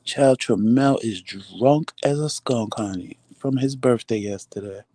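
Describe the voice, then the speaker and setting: A man's voice: medium pitch, measured pace, dark tone, no echo. A man hosting a vlog, chatting casually to viewers and dramatically acting out what people said. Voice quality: dramatic, chatty, acts out quotes. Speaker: vlog host.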